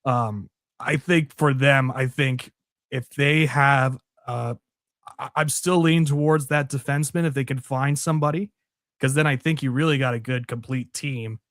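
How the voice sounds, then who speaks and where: A man's voice: mid-range voice, steady tone, moderate pace, a bit bright, dry recording. A man co-hosting a sports show, chatting casually in an easygoing way with dry quips and thinking aloud.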